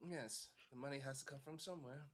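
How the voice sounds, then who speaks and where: A man's voice: mid-range voice, quick pace. A man playing a tabletop role-playing game, speaking politely and formally in character. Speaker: player.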